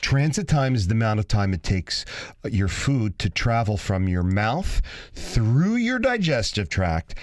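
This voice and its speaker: A man co-hosting a radio show, chatting and telling funny stories in an animated, jokey way. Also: a little slow, dry recording, clean studio sound. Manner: animated, jokey, lively pitch swings. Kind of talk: casual radio banter and storytelling.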